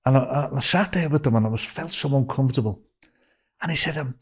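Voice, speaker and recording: An older Liverpool man with a Scouse accent speaks at a medium pitch, talking fast with a breathy edge. He's a guest in a casual storytelling interview, spinning rambling anecdotes, acting out what people said, and saying "you know" a lot.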